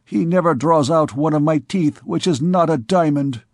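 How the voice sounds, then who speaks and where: A man's voice: a little high, normal speed, no room sound, studio quality, natural voice. A man voicing an anxious, stingy medieval king who snaps querulously, in an audiobook reading. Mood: exasperated. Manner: querulous, peevish outbursts.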